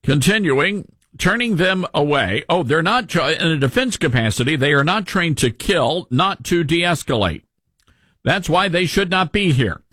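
Talk radio guy, kinda husky, sarcastic and mocking, voice jumps all over. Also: a little high, expressive, moderate pace, bright, forceful tone, no echo, clean studio sound.

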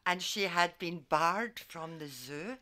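An Australian woman, a psychic and former community worker, telling stories in a lively, laughing way as a guest. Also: lowish voice, noisy background. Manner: animated, laughs often, quick asides. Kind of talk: storytelling in casual conversation.

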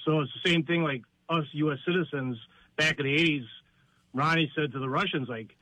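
A male caller on a sports talk show, rambling through a wry analogy full of asides. His voice sits a little high. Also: a little fast, bright, forceful tone, low-quality recording. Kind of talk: casual call-in chat.

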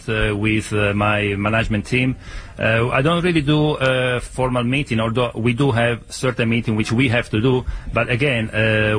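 A man with an Italian accent, a ship's general manager being interviewed on a radio show, speaking with many pauses and fillers and joking lightly. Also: on the low side, a bit bright, a little hiss or hum. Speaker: ship general manager, guest.

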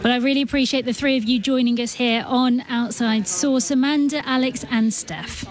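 A woman hosting a radio discussion, brisk and chatty, introducing guests and moving between segments. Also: high voice, fairly even intonation, crowd noise. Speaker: radio presenter.

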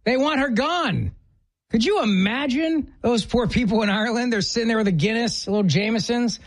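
A man's voice: very high-pitched, quick pace. A man hosting a talk radio show, bantering with a producer in a wry, joking way. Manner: wry, joking, lively delivery.

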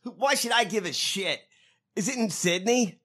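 A man co-hosting a casual commentary chat with a high, bright voice. His pitch swings widely as he jokes, swears freely and mocks the news. He laughs often. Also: expressive, normal speed, slightly rough. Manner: profane, mocking, laughs often. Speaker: co-host.

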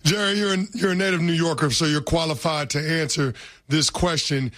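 A man's voice: fairly high pitch, steady tone, fairly quick, fairly bright tone. Man asking direct questions. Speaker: co-host. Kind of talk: casual chat.

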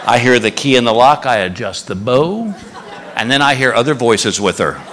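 A man telling a stand-up story on stage, animated and acting out other people's voices. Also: medium pitch, moderate pace, noisy background. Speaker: stand-up comedian. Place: comedy club stage. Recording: echoey live venue with crowd. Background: audience laughter.

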